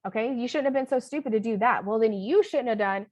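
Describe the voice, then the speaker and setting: A woman's voice: fairly high pitch, fast, darkish tone, highs cut off, pitched above the performer's own voice, lightly acted. A woman putting on a scolding, judgmental parent voice. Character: judgmental scolding authority figure.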